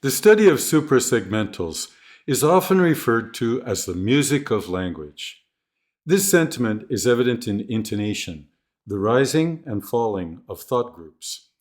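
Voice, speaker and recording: A man giving a scripted lesson on teaching pronunciation, slowly modelling example phrases and sentences. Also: mid-range voice, sing-song. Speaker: teacher trainer. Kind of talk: scripted instructional narration.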